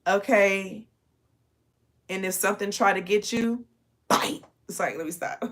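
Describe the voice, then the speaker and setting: A woman's voice: medium pitch, measured pace, a bit bright. A sleepy woman hosting a casual late-night spiritual message, chatty and profane, calling her listeners y'all and laughing often. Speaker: spiritual channel host.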